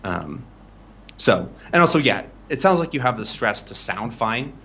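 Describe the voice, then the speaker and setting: A man's voice: medium pitch, big pitch swings, normal speed, bright, forceful tone, slight background noise. A man tutoring pronunciation in a casual live-streamed lesson, explaining loosely and checking in with frequent "right?". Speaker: language tutor.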